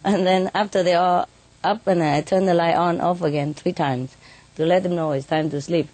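A woman's voice: on the low side, fairly even intonation, normal speed, darkish tone, no echo. A woman telling stories about her birds in a casual interview, chatty, laughing often and tagging lines with "you know". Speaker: bird keeper telling stories.

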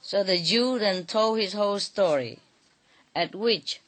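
Slow, chuckling woman storyteller. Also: medium pitch, fairly bright tone. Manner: chuckling, conversational, asides with 'you know'. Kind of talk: oral folk-tale telling.

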